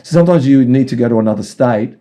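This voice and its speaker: A man's voice: medium pitch, fast talker, dark tone. A man as a podcast guest, telling rambling stories and giving direct advice in a casual chat. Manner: acts out voices in anecdotes.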